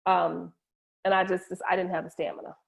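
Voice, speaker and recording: A woman's voice: fairly low pitch, flat delivery, fairly quick, gravelly. A middle-aged woman, a guest in an interview, candidly sharing an emotional personal story with frequent restarts. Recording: dull lo-fi audio.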